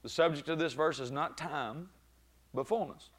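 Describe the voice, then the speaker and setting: A man preaching a sermon, moving between calm teaching and loud exclaiming peaks, often breaking in with praise. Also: fairly high pitch, normal speed. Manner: frequent "glory be to God" interjections.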